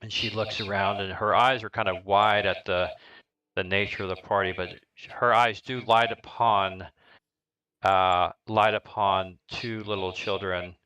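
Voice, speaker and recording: A middle-aged man narrating a live-streamed tabletop game as dungeon master, describing scenes in a halting way with lots of fillers. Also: lowish voice, steady tone, pushed and bright, highs cut off.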